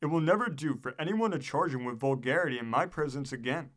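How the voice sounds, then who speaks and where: A man's voice: on the high side, animated, fast talker, a bit bright. A man reading as a gushing refined lady. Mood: admiring.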